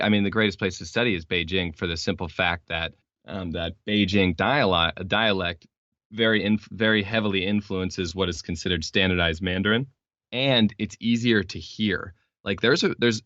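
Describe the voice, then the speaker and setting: A man's voice: on the low side, fairly bright tone, no room sound. A young man from Texas, a podcast guest, explaining things in a rambling, casual way with lots of fillers and restarts. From Texas, United States. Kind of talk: casual interview chat. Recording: dull lo-fi sound.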